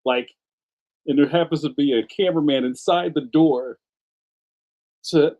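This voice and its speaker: A man's voice: a little high, a little slow, a little mellow, dull audio. A man hosting a casual livestream, a cartoonist telling rambling stories full of slang, laughing often and reading out viewer comments.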